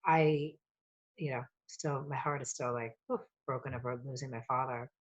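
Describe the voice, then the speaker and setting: A coach appearing as a podcast guest speaks in a notably low voice at a moderate pace, telling long personal stories with animated, emotional energy. She swears freely and rambles from thought to thought in a relaxed, conversational chat.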